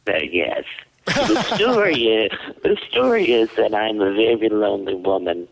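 A man with a fairly low voice co-hosts a comedy podcast. His pitch swings widely as he riffs, and his delivery is campy and bawdy. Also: very animated, moderate pace, creaky, poor audio. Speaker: podcast co-host. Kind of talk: raunchy comedy banter.

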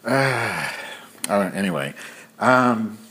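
A man's voice: fairly low pitch, animated, slow pace, bright, forceful tone. A man telling a rambling, profane anecdote to camera in a casual vlog. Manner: rambling and profane, with many fillers. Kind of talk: casual storytelling.

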